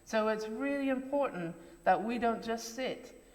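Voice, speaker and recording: A woman's voice: fairly high pitch, expressive, measured pace, darkish tone. A woman leading a children's talk at a church service, asking questions and encouraging the children in simple words. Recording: reverberant church interior.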